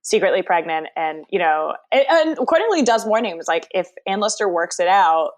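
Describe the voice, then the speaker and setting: A woman's voice: mid-range voice, animated, fairly quick. Chatty woman podcast co-host. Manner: chatty, acts out quotes from scenes. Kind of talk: casual recap chat.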